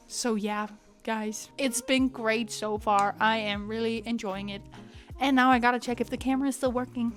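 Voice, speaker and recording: A young woman, chatting casually to her vlog audience in an animated way, full of filler words. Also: a little high, moderate pace, soft background music. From Denmark. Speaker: vlogger.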